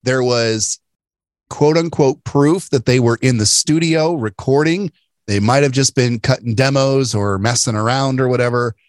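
A man co-hosting a laid-back podcast, chatty and quick to joke. His voice sits in the middle range and sounds dry and close to the mic. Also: medium pitch, no room sound. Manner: chatty, jokey, lots of laughing. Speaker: podcast co-host. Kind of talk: casual chat.

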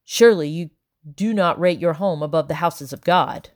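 A woman's voice: deep voice, normal speed, a little mellow, natural voice. A woman reading the part of a stern, formal male officer making an arrest, clipped and firm.

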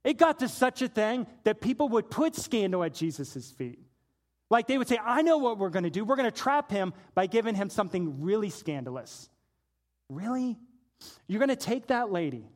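A man preaches a sermon as a pastor, telling a story that swings from hushed, low passages to shouted praise.

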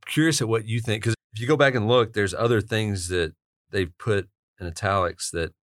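Deep-ish guy on a podcast, curious, dry sound, chatty questions. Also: moderate pace, fairly bright tone, no echo. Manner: curious, asks questions, laughs easily. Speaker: podcast co-host. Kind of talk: casual book discussion.

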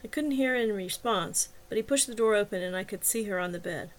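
A woman's voice: mid-range voice, a little fast. A woman reading a serialized mystery story aloud as narrator and host, lifting her voice slightly for the characters. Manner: reads dialogue with lightly lifted voices for characters. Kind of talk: scripted audiobook narration.

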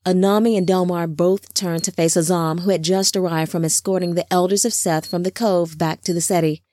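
A woman narrating a fantasy audiobook in a steady, even reading voice. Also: lowish voice, a little fast, a little hiss or hum.

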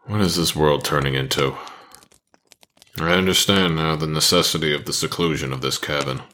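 Guy doing a solemn old wanderer, super deep voice, forceful edge. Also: normal speed. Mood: grave. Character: old male wanderer, loyal friend, grave.

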